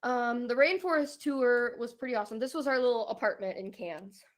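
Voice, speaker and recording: A woman's voice: a little high, brisk. A woman co-hosting a podcast, telling a travel story in casual chat and filling her talk with "like" and "um". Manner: chatty, fillers like "like" and "um". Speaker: podcast co-host sharing travel stories. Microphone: streamed podcast mic.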